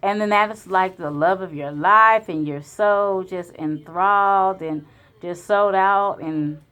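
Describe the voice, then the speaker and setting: A woman's voice: medium pitch, takes it slowly, fairly bright tone, smooth. A woman chatting casually as a client, mostly giving short replies and reacting to stories. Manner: responsive, lots of short replies. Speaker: client recording the session. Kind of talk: casual chat.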